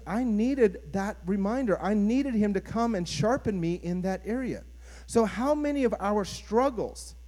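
A man's voice: high-pitched, warm tone. A man, a pastor, preaching an earnest, conversational sermon and putting questions to his congregation.

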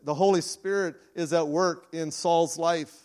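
A man's voice: on the high side, steady tone, unhurried, darkish tone. Earnest man preaching a sermon. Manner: earnest, with frequent restarts. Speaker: pastor. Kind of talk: conversational sermon.

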